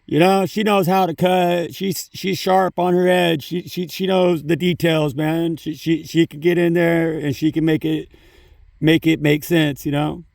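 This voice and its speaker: A man's voice: on the high side, flat delivery, unhurried, gravelly, a little mellow, no room sound, clean studio sound, far from the mic. A man giving a casual spiritual talk on his phone, rambling, swearing freely and saying "you know" often. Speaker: spiritual vlogger.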